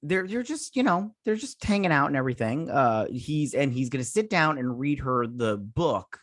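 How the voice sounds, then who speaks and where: A man's voice: medium pitch, big pitch swings, normal speed, fairly bright tone, no room sound, clean studio sound. A man hosting a casual spoken review, rambling and frustrated, with lots of restarts and fillers. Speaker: YouTube review host.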